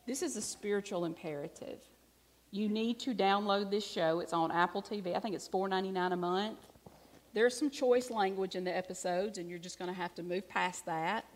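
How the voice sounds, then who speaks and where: A middle-aged woman from Alabama with a Southern accent, preaching a sermon in a conversational, self-deprecating storytelling way with hushed asides. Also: mid-range voice. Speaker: pastor.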